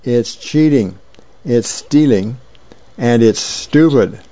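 Man reading comic-strip mom, scolding, gravelly, lo-fi read. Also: mid-range voice, expressive, slow pace, dark tone, no echo. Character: scolding mother of a teenage son.

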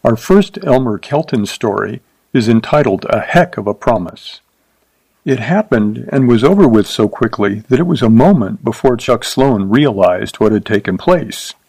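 A man narrating a short story aloud in a steady, measured reading. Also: mid-range voice, breathy edge, no echo, poor audio.

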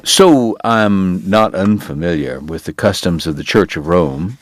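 A male audiobook narrator voicing a sardonic, sickly gentleman with a genteel drawl and cutting wit. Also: low-pitched, unhurried. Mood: genteel, wry. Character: sardonic consumptive Southern gentleman, a dentist. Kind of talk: audiobook character voice.

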